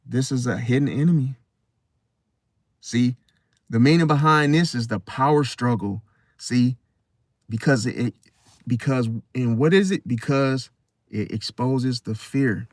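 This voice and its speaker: A man's voice: mid-range voice, unhurried, pauses often, no echo, studio quality. A male channel host giving an emphatic casual monologue, repeating phrases and asking "See?".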